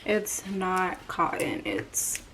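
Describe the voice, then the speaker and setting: A young female vlogger talks casually through a try-on haul in a lowish, sing-song voice, speaking very slowly. She sounds out of breath, uses lots of filler, and keeps drifting into whispers. The mic is distant, and background noise is clearly audible.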